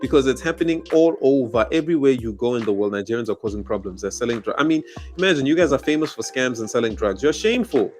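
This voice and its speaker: A man's voice: mid-range voice, animated, quick pace, faint music behind. A man from South Africa with a South African accent, delivering an angry, emphatic, accusatory monologue to camera and hammering his points with repetition. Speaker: commentary channel host. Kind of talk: heated monologue rant.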